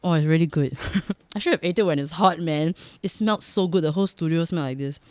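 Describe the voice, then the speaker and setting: Speaking quickly into a close studio mic, this Singaporean-accented woman runs her own podcast, joking around frankly and laughing a lot in a loose, chatty monologue. Her lowish voice has a slightly mellow quality, and the recording is dry.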